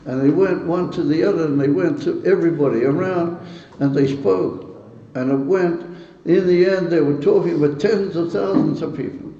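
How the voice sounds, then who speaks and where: A man's voice: fairly high pitch, moderate pace, mellow. A man, a rabbi leading a Hasidic gathering, teaching in an earnest, emotional way, quizzing his listeners and chuckling between points. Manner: stirred and emotional about the topic. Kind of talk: informal teaching talk to a gathering. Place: synagogue hall. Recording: echoey hall, dull lo-fi sound.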